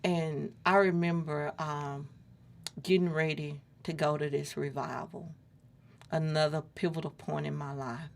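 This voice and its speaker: A woman's voice: deep voice, fairly even intonation, a little slow, gravelly. A middle-aged woman earnestly retelling a personal story as an interview guest, acting out the dialogue as she goes.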